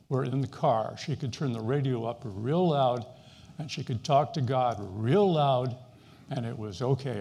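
A man's voice: mid-range voice, vocal fry, a little mellow, long reverb tail. A middle-aged man preaching a sermon in an earnest, conversational way, with fillers and restarts. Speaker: pastor.

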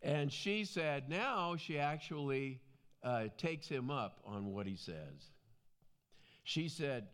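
A man's voice: on the high side, animated, slow pace, fairly bright tone, clean tone. A man teaching from the Bible in a conversational preaching style, with frequent asides.

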